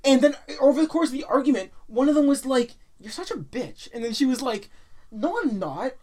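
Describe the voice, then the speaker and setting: Young woman podcast co-host, lively swinging pitch, laughs and swears through her stories, faint noise behind. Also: brisk. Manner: giggly, swearing, animated storyteller. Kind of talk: casual podcast chat, storytelling.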